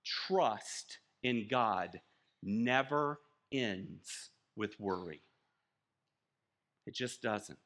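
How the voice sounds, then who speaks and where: A man preaching a sermon as pastor, animated and acting out little scenes. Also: medium pitch. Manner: animated, acts out little scenes with shouted voices. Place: church.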